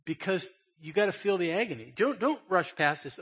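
A man's voice: fairly high pitch, moderate pace, a bit bright, husky. A man preaching a sermon and reading scripture, talking emphatically and conversationally and often checking in with his listeners. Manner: emphatic, conversational, asks "okay?". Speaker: pastor.

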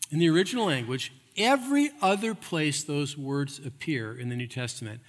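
A man preaching a sermon, emphatic, repeating phrases and swinging between loud and hushed. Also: fairly high pitch, big-room sound. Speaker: pastor.

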